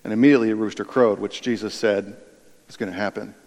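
A man's voice: fairly low pitch, fast. Man preaching in an echoey hall. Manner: conversational, animated retelling with asides. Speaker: pastor. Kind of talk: sermon. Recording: long reverb of a large hall.

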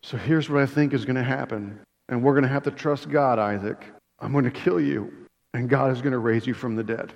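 A man voicing the aging father Abraham, earnest and resolute, in a steady, pleading manner. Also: medium pitch, fairly quick, gravelly, close to an everyday voice. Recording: dull sound in a long-echo hall.

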